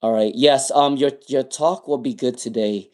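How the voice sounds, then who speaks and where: A man's voice: mid-range voice, normal speed, a little mellow. A man doing live tarot readings on a stream, rambling and repeating viewers' names with many ums. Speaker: tarot reader.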